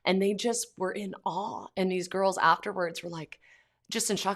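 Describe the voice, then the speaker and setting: A woman's voice: mid-range voice, steady tone, moderate pace. A woman, a mother, talking casually to camera in a vlog from home, with lots of "like" and "um" fillers. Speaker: Catholic pro-life vlogger, mother.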